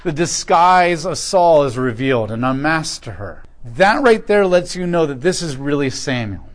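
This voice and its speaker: Emphatic man preaching, slightly high. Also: sing-song, normal speed. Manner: emphatic, rising and falling in loudness when reading scripture. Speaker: pastor teaching a Bible class. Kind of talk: sermon teaching.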